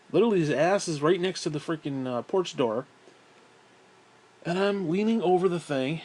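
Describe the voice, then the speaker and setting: A slightly winded man rambles through a casual, swear-filled story, talking himself through it in asides. His voice sits a bit high for a man. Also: a little mellow. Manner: profane, rambling, self-talk asides. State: out of breath.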